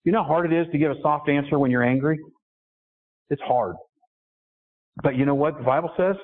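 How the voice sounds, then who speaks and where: A man's voice: on the high side, brisk. A middle-aged man preaching a sermon earnestly, asking his listeners questions. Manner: earnest, asks the congregation questions. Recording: tinny phone-like sound.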